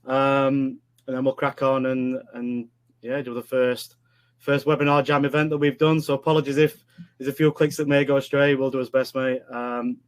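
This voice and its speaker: A Yorkshire man co-hosting a live online webinar in loose, jokey chat. His voice sits at an ordinary middle pitch, and he keeps calling the viewers "mate" as he reads out their names. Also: flat delivery, normal speed. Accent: Yorkshire English. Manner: chatty, jokey, says "mate" a lot. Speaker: webinar co-host. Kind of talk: casual live-stream chat.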